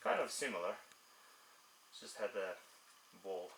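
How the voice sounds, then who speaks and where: A man with a low voice speaks a little slowly while testing an air rifle, calling out velocity numbers in short bursts and chatting casually between shots. The recording has a roomy echo and clear background noise.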